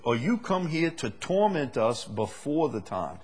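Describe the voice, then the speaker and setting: Husky-voiced man preaching a sermon. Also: medium pitch, sing-song, measured pace, hardly any pauses, darkish tone. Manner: emphatic preaching with rising intensity on scripture quotes.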